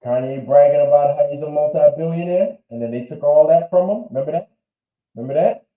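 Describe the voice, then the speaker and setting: A man's voice: on the high side, fast talker, soft background music. Man, stream host, casual, repetitive, echoey room, dull sound. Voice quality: rambling and repetitive. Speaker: livestream host. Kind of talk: casual chat reacting to clips.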